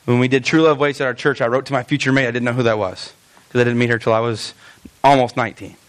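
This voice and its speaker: A male pastor preaching a lively, conversational sermon, with frequent stammered restarts. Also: medium pitch, fast talker.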